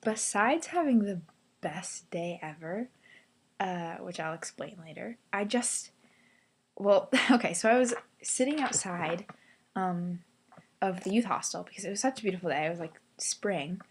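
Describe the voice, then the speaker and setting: A young woman vlogging from a hostel hangout space, telling a story in a chatty, excited way full of fillers and acting out what people said. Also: medium pitch, unhurried, slightly rough. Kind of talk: casual storytelling vlog.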